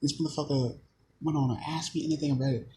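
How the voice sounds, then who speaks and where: A man's voice: on the high side, fairly even intonation, fast talker, warm tone, a little hiss or hum, poor audio. A man talking to camera in a rambling, profanity-heavy monologue, often hesitating and restarting his sentences. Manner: swearing constantly, hesitant, restarting. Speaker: channel host.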